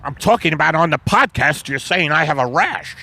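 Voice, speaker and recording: A man's voice: on the high side, animated, brisk, gravelly, bright, forceful tone, pitched above the performer's own voice, full character voice. A man voicing a defensive, exasperated middle-aged husband.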